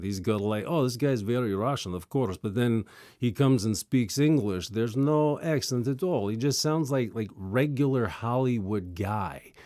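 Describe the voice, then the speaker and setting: A young man hosting a casual movie review, sarcastic and animated, with quick joking asides. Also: medium pitch, no echo, clean studio sound.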